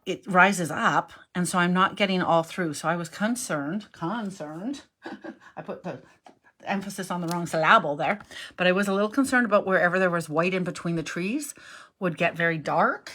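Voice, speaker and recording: This cardmaking teacher, a middle-aged woman, has a lowish voice that sounds pushed and bright, and she keeps a moderate pace. At her craft table she runs a relaxed, talkative lesson, musing aloud and correcting herself often.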